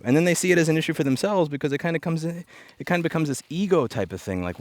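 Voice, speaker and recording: A man's voice: on the high side, animated, very fast. A man talking off the cuff into a headset mic outdoors while picking up litter, blunt and ranting, with sarcastic asides. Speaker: repair activist vlogger. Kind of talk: off-the-cuff monologue. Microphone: headset microphone.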